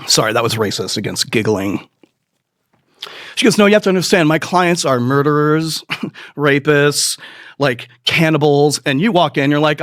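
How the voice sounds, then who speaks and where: A middle-aged man telling a rambling, profane comic story with quick asides and put-on voices. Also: fairly high pitch, no room sound, clean studio sound. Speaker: comedian. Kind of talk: stand-up storytelling.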